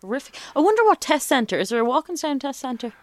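A woman's voice: sits high, sing-song, fast, no echo, clean studio sound. An Irish woman co-hosting a radio show, chatty and dramatic in her reactions. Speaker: radio co-host. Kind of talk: casual radio chat.

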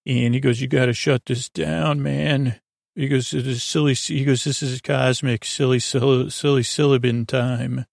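Male host, gravelly, monotone, rambling sleepy recap, dry close mic. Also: medium pitch, normal speed, dry recording. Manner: rambling, mumbled retelling with many fillers. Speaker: podcast host recapping an episode. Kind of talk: drowsy sleep-podcast recap.

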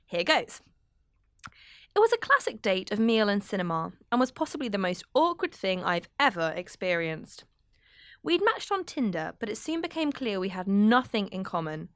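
A woman hosting a podcast in casual chat, lively and chatty as she reads a listener's story aloud. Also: medium pitch, normal speed, no room sound, clean studio sound. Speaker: podcast host.

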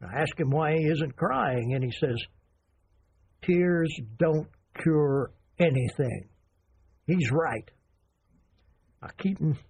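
Actor playing a raspy, stern old grandfather, audio drama; lively, lecturing delivery. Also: a little high, full character voice. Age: older. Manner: halting, then firm and lecturing.

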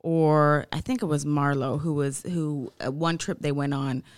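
A woman guest in a casual podcast chat, telling stories in an animated and emphatic way. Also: low-pitched, a little slow, no echo.

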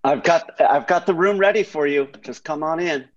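A man's voice: on the high side, moderate pace. A man chatting casually, telling anecdotes and acting out his friends' lines. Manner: animated storyteller who acts out friends' lines. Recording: slightly dull, lo-fi audio.

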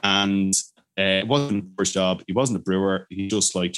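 A man's voice: low voice, normal speed, clear, resonant tone. A man as a guest in a podcast interview, telling stories eagerly, with many fillers and restarts. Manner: enthusiastic storyteller, many fillers and restarts, animated quoted voices. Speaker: brewery owner, guest. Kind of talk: casual interview chat.

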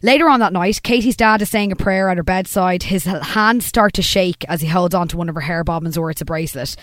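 A woman's voice: on the low side, fast talker, no echo, clean studio sound. A woman, co-hosting a podcast and chattily retelling the scenes of a TV episode. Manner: lively storytelling, retelling scenes. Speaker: podcast co-host. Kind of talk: casual recap chat.

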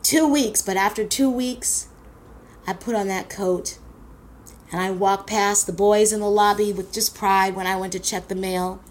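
A woman from Queens, telling a personal story in a blunt, animated way and swearing freely. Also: mid-range voice, unhurried, a little hiss or hum. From Queens, New York.

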